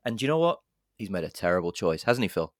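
A man's voice: deep voice, fast talker, dry recording, studio quality. A man co-hosting a podcast, retelling a horror film plot in casual chat, swearing and acting out the lines with relish. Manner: animated storyteller, swearing, puts on dramatic voices for quotes. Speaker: podcast co-host.

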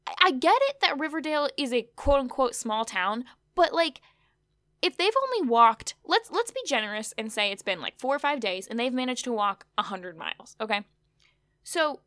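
Woman, high voice, chatty and wry, casual recap talk, dry close sound. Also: a bit bright, dry recording. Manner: chatty, wry asides, many fillers. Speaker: podcast co-host.

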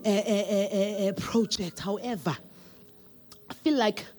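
A woman with a South African accent putting on a calm office manager who is gently handing out work. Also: soft background music, natural voice. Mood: gently soothing. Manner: low, gentle, measured.

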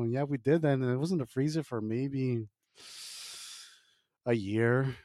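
A man's voice: mid-range voice, unhurried, long pauses, a little mellow, no echo, studio quality. A man co-hosting a casual podcast, recalling a childhood memory in an easygoing way with casual slang. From California. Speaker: podcast co-host. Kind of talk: casual chat.

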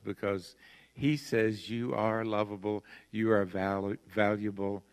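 Older man preaching in a reverberant church. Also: on the low side. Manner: earnest, emphatic, with slow stressed phrases. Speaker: pastor. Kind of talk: sermon. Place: large church sanctuary. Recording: long hall reverb from a church sanctuary.

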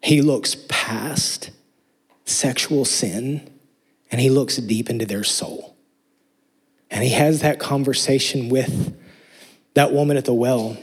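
Male pastor, mid-pitched, slightly husky voice, earnest emphatic preaching. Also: darkish tone. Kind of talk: sermon.

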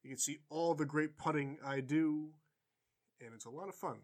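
A slightly high-voiced man hosting a relaxed podcast among friends. He rambles in an easygoing way, with lots of "uh" and restarts. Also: moderate pace. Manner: rambling, easygoing, filler-heavy. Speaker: podcast host. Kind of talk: casual chat, beer reviews.

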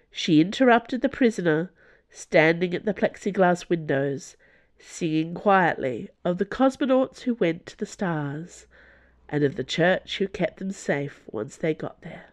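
A woman narrating a novel in a steady, even storytelling manner. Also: fairly low pitch, unhurried. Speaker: audiobook narrator. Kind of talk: scripted narration.

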